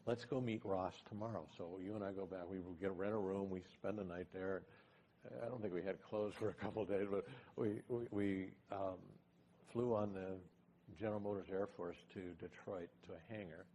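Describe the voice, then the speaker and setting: Middle-aged man, low voice, founder swapping stories, playful and animated, acts out each line. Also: normal speed, a little hiss or hum. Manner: lively, acts out dialogue with changed voices. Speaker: tech company founder. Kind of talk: casual storytelling anecdote.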